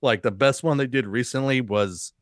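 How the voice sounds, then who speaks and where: A man's voice: medium pitch, normal speed, dry recording, clean studio sound. A man co-hosting a podcast, chatting casually about wrestling in a laid-back way and swearing freely. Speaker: podcast co-host.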